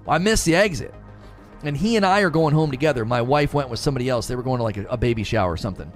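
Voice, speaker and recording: A man in his thirties casually telling stories to his stream, animated and self-mocking, laughing often. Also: mid-range voice, racing, soft background music. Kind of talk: casual storytelling to a live stream.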